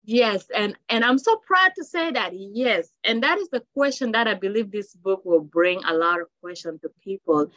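A woman from Africa speaks about her children's book with deep emotion, often stopping and restarting her sentences. The recording sounds dull and lo-fi, with a dry, close feel and no room echo. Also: lively intonation, a bit bright. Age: adult with children. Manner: emotional, halting, many restarts. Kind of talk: heartfelt interview talk.

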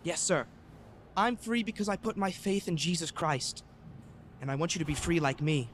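A man's voice: on the high side, expressive, moderate pace, a bit bright, a little hiss or hum. An actor playing an eager, newly converted eighteen-year-old young man who speaks earnestly and politely, calling everyone sir. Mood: earnest pleading.

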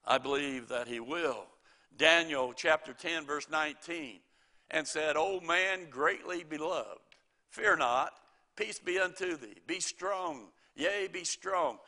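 Bright-voiced middle-aged male preacher. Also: fairly high pitch, slow pace. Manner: folksy storytelling with chuckles, preaching. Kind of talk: sermon.

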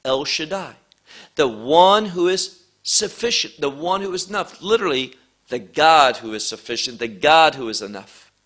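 A man's voice: on the high side, expressive, a bit bright. A man teaching a verse-by-verse sermon, asking rhetorical questions and mixing in Hebrew terms. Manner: deliberate, asks rhetorical questions. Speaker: Bible teacher.

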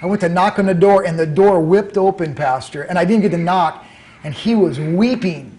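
A middle-aged man telling his story as an interview guest, animated and acting out the lines he quotes. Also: sits high, normal speed. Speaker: author and guest.

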